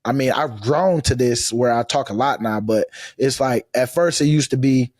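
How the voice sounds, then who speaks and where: A man in his thirties chatting casually as a podcast guest, loose and drawling, breaking into high loud laughs. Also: normal speed, no echo, clean studio sound. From United States. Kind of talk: casual chat.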